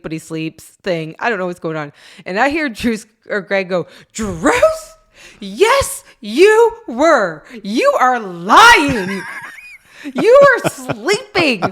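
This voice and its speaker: A woman co-hosting a parenting podcast tells a family story in a relaxed, chatty way. She laughs often and slips into acting out the voices of the people in it. Her voice sits at a middling pitch.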